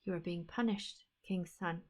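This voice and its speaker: A woman's voice: fairly low pitch, fairly even intonation, a little slow. A woman voicing a young giant's daughter who is an earnest, resolute helper, read aloud from a fairy-tale book. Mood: coaxing. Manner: earnest, urgent commands.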